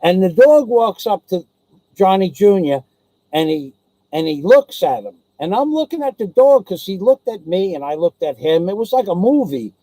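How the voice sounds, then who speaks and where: Mellow-voiced man rambling through a story. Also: sits high, sing-song, moderate pace, no echo, low-quality recording. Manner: rambling, digressive, many restarts and asides; blunt, salty street talk. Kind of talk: casual personal anecdote.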